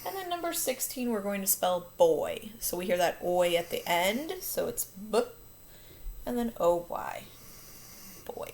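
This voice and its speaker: A woman's voice: on the low side, lively intonation, measured pace, gravelly, darkish tone. A woman teacher walking children through a phonics lesson, upbeat and patient, catching and fixing her own slips. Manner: upbeat, patient, self-correcting.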